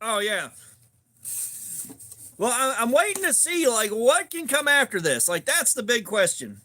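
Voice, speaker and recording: Southern guy in his 40s chatting on a livestream, high voice, cusses a lot, bit of hiss and clicking behind. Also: sing-song, measured pace, bright, forceful tone. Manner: upbeat, swearing, greets viewers by name. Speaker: livestream host. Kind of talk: casual livestream chat. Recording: faint background noise and clicks.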